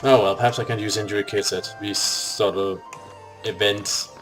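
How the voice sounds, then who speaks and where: A man's voice: lowish voice, fairly even intonation, normal speed, a bit bright, faint music behind. A man giving casual, dry-humored commentary over a video game. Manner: dry, wry asides. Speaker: let's play gamer.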